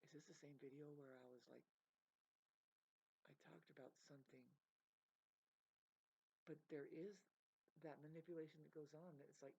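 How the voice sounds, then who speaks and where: A woman ranting to her viewers, rambling and swearing as she swings between loud outbursts and low mutters. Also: moderate pace, long pauses. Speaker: vlogger. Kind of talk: emotional unscripted rant to camera. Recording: dull lo-fi recording.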